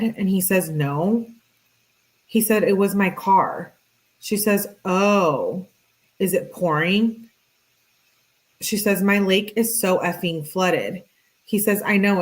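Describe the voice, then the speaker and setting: A young adult woman reading text messages aloud with commentary, her voice lifting slightly for the girl's lines. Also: rough recording. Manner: flat reading voice, pitch lifts for the girl's texts. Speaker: true crime commentator.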